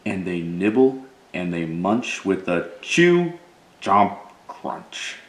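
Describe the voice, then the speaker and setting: A man reading a picture book aloud in a lively storytelling way, voicing sound words with relish. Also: low voice, takes it slowly, slight background noise. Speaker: reader. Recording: echoey room.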